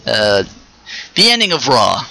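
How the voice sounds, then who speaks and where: Bright, animated man rambling on a podcast. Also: medium pitch, unhurried, vocal fry, low-quality recording. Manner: rambling, stops and restarts mid-thought; chatty, with short asides while playing a video game. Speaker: podcast host. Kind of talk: casual solo podcast recap.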